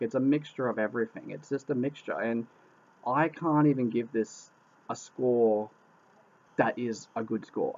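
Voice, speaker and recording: A man rants through a casual movie review, exasperated and quick to swear, circling back to the same complaints again and again. His voice sits at an ordinary middle pitch. The recording is dull and lo-fi. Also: a little mellow. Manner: exasperated, swears a lot, repeats himself. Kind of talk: casual spoken film review.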